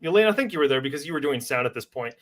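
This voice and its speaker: A man's voice: on the high side, animated, rapid-fire. Laughing man recounting set stories. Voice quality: laughs often, uses lots of fillers. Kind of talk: casual chat.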